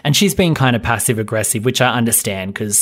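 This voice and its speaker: Man, podcast host, casual chat, rambling, profane, mid-pitched. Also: fast talker. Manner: rambling, profane, animated retelling with quoted voices.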